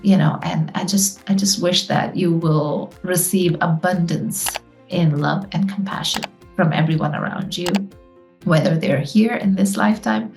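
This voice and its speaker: A woman who works as a medium, telling a personal story in an earnest, gentle way with casual fillers. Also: on the low side, unhurried, faint music behind.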